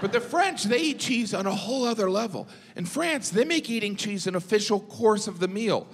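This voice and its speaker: Wry male stand-up comic, high voice. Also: lively intonation, brisk, breathy edge, big-room sound. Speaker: stand-up comedian. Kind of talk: stand-up comedy set.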